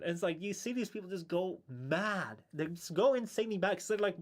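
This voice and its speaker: A man's voice: sits high, expressive, fairly quick, few pauses. A man chatting casually on a live stream, rambling with many restarts and chuckles.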